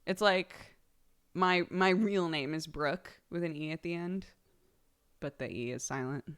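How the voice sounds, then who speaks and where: A chatty woman streaming live, with a slightly low voice. She talks casually and giggles often between her words. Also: unhurried, fairly bright tone, clear, resonant tone. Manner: reads out subscriber thank-yous.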